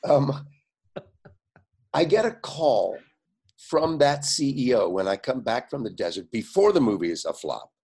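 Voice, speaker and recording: An older man, a guest, telling anecdotes in an animated way, acting out other people's lines and often laughing. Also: medium pitch, measured pace, pauses often, breathy edge. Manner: animated storyteller, quotes others in lively voices, frequent fillers and laughs. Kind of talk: anecdotal storytelling.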